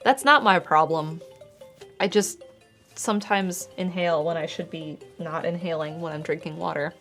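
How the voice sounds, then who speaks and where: A woman's voice: on the low side, normal speed, a bit bright, faint music behind. A young woman streaming her art, chatting casually and explaining her painting steps as she works. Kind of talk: casual chat while painting.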